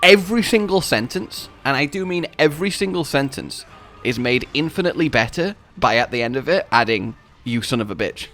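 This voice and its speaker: A young British man co-hosting a gaming video, bantering in a jokey, theatrical way with bursts of shouting and laughter. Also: on the high side, a little fast, hardly any pauses, faint music behind. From Britain. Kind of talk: casual gameplay banter.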